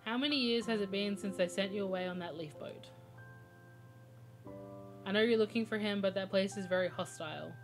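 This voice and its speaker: A woman reading a game character's lines aloud in a low, measured way, close to her own voice. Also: over music, natural voice. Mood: calm.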